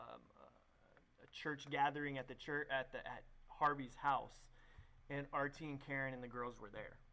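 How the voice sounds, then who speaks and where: A man's voice: mid-range voice, fairly bright tone. A young man, a youth pastor, telling his story in a casual, rambling way with many fillers and restarts. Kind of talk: casual testimony conversation.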